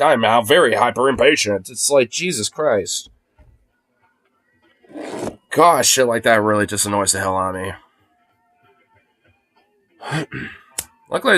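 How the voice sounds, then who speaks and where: A man's voice: lowish voice, pushed and bright, dry recording. A man chatting casually on a phone livestream, rambling and swearing freely, with lots of fillers. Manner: rambling, profane, heavy use of fillers.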